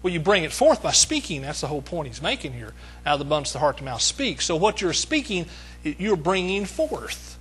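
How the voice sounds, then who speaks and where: A man preaching a sermon with a rather high, husky voice. He is emphatic, hammers his points home with repeated phrases, and keeps calling out to the congregation to check they are with him. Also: very animated, fairly quick, a bit bright, poor audio.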